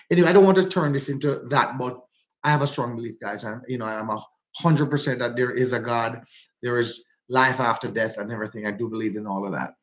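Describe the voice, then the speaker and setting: A chatty man with a Jamaican accent talks to his livestream viewers, repeating phrases and greeting people by name. His voice sits at a middle pitch. The phone recording sounds slightly dull and lo-fi. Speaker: livestream host. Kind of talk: casual livestream chat. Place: walking outdoors.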